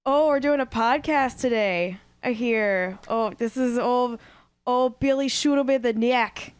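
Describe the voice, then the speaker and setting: A woman co-hosting a casual podcast, playful and quick to laugh. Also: a little high, smooth, no echo. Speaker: podcast co-host.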